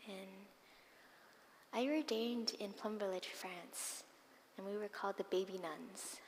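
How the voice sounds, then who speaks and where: A woman Buddhist nun giving a dharma talk, telling personal stories expressively with soft, breathy asides. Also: mid-range voice, a little slow, a little hiss or hum. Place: monastery meditation hall. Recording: long hall reverb with faint ambience.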